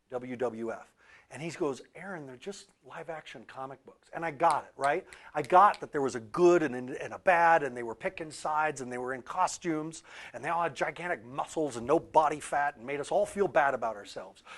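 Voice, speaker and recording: A man telling a story in a talk about archetypes, animated, with loud peaks and quiet asides. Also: fairly high pitch. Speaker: author and speaker on archetypes.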